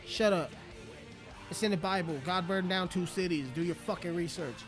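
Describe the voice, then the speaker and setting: High-voiced man ranting profanely over music. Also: fairly even intonation, a little fast. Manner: aggressive, mocking, heavy swearing. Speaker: rapper. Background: music playing.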